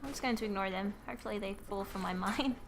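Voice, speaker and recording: Talking fast in a gravelly mid-range voice, a woman narrates her video game play against a noisy background. It's relaxed let's-play chatter, full of giggles and flustered, self-deprecating asides.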